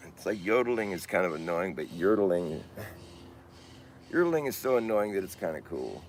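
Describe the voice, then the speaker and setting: A man's voice: low voice, very animated, moderate pace, a little hiss or hum. A man talking in a loose, rambling monologue, often restarting his sentences and laughing at himself.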